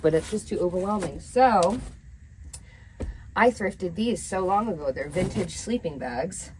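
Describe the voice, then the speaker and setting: Woman vlogger, low voice, candid and self-mocking, talking to camera inside a camper. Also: animated, a little slow, darkish tone, a little hiss or hum. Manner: emotional, candid, self-deprecating. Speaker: DIY vlogger. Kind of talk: casual vlog talking to camera. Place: inside a small camper under construction.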